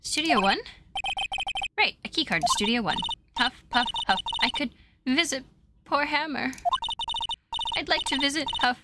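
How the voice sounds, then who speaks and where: A woman's voice: sits high, normal speed, long pauses, heavy background noise, pitched above the performer's own voice, natural voice. A woman voicing a fussy old woman guard who is out of breath and huffs and puffs between words, in a fan dub of a game. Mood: breathless. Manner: huffing and puffing between words.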